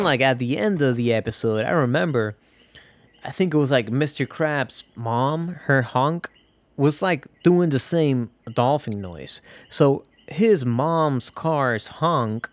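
A man hosts a casual solo podcast, rambling from one tangent to the next while joking and swearing. His voice is medium-pitched, and the recording carries no echo.

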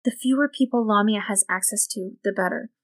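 A woman voicing a grave older woman who was once possessed, speaking in slow, grim warnings. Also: medium pitch, no room sound, close to an everyday voice.

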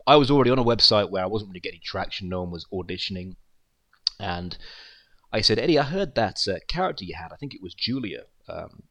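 A man with a lowish voice gives a loose, heartfelt spoken tribute. He wanders from story to story, often dropping to a quiet trail at the ends of his thoughts. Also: animated, brisk. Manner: rambling storyteller, trails off softly. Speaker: creator of an online wrestling show.

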